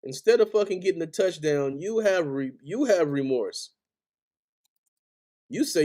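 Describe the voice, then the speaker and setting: A man's voice: a little high, lively intonation, unhurried, long pauses, dark tone. Furious, foul-mouthed man ranting about football. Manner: heated, profane, repetitive ranting. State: angry. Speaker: sports podcast host. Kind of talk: angry fan rant on a live stream.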